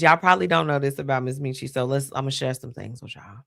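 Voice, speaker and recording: A woman's voice: very deep voice, fast talker, gravelly, no echo, clean studio sound. A woman hosting a live stream, talking casually and animatedly to viewers, laughing often. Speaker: host.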